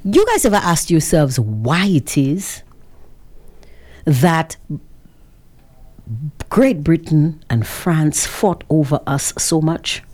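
A woman's voice: sits low, big pitch swings, slow pace, pauses often, darkish tone. A woman from Saint Lucia with a Saint Lucian accent, delivering an opinionated monologue full of sarcastic rhetorical questions to her listeners. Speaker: social commentator.

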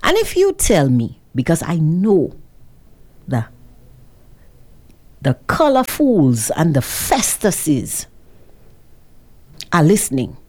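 A woman with a Saint Lucian accent speaks in a low, mellow voice that swings widely in pitch. She talks unhurriedly, throwing sarcastic rhetorical questions at her listeners in an opinionated monologue. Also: wildly swooping pitch, slow, pauses often. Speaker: social commentator.

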